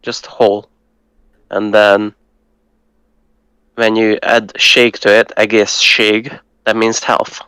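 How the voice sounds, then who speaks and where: A man who speaks Hungarian natively, patiently tutoring and breaking words down slowly, with some hesitant fillers. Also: on the low side, level tone, pushed and bright, clear, resonant tone, dry recording, low-quality recording. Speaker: language tutor. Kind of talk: casual language lesson.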